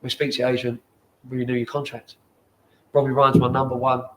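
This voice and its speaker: A London man in his forties spins rough, sweary anecdotes about his playing days. He talks in an animated way and acts out the people in his stories. His voice sits at an ordinary middle pitch for a man. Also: brisk. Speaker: guest, former footballer. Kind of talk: casual storytelling. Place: bar at a football ground.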